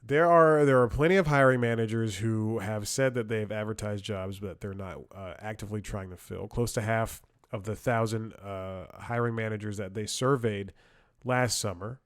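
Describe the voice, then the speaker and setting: A man's voice: fairly low pitch, fairly even intonation, normal speed, clean tone, no echo, studio quality. A man hosting a comedy podcast, telling a rambling story with lots of restarts and sarcastic asides. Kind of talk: casual comedic monologue.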